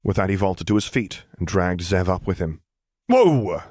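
A man narrating a fan fiction audiobook in a steady, even reading. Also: sits low, fairly quick, dry recording, clean studio sound.

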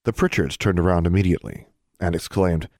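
A man narrating an audiobook in an even, measured way. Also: sits low, no echo, studio quality.

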